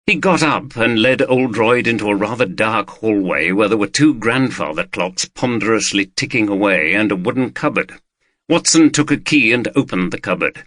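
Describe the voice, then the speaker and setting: A man reading an audiobook in steady scripted narration into a studio microphone. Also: fairly low pitch, moderate pace, dry recording. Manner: steady, even storytelling.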